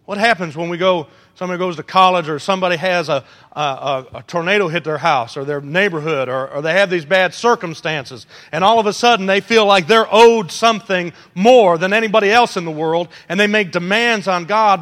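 A man preaching a sermon, animated and joking with the congregation, acting out quotes. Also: high-pitched, brisk, hardly any pauses. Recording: long hall reverb.

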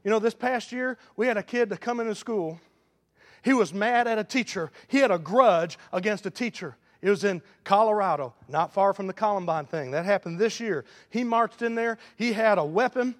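A man preaching a sermon in a folksy manner, building to loud, emphatic runs. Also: sits high, normal speed. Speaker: pastor. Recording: long hall reverb.

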